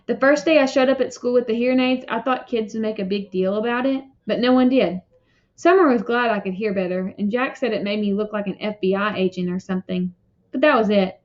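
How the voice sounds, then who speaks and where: A woman giving an expressive first-person audiobook narration. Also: medium pitch, brisk. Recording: dull lo-fi recording.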